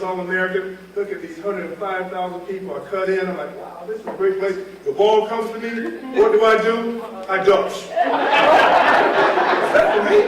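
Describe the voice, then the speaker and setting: Animated high-voiced man speaking in an echoey hall. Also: slight background noise. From North Carolina, US. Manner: animated, humorous, acts out scenes. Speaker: keynote speaker. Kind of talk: storytelling speech. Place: large hall at a reunion event. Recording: echoey hall, mic far off.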